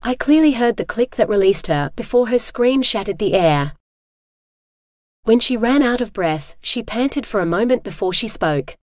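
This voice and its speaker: A woman giving brisk, clear scripted first-person narration for an audiobook. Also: fairly high pitch, lively intonation, a little mellow, no room sound, studio quality.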